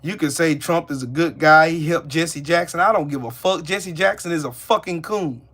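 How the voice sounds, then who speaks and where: Heated guy ranting on his live stream, cussing out chat, kinda high sharp voice. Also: normal speed. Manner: profane, heated, talks back to chat. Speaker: livestream host. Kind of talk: angry live-stream rant.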